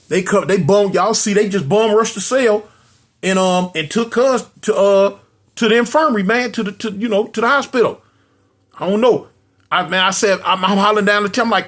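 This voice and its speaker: A man with a notably high speaking voice spins a casual story about prison life. He circles back over the same phrases and jumps into quick impressions of the people in it. His delivery is loose and animated. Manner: animated, repeats phrases, acts out quotes.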